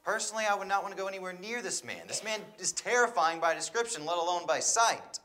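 High, bright-voiced male preacher. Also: animated, fast. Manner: reads scripture then explains with rhetorical questions. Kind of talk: sermon, reading scripture.

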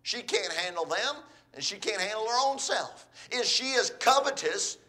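Bright-voiced man preaching a sermon. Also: high voice, animated, moderate pace. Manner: earnest, exhorting, asks the listeners questions.

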